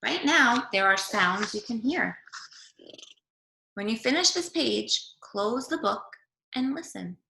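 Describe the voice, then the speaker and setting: A woman teacher reading a picture book aloud to young children over a video call, gently asking them questions as she goes. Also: fairly high pitch, lively intonation, slow, vocal fry, a little hiss or hum. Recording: echoey room.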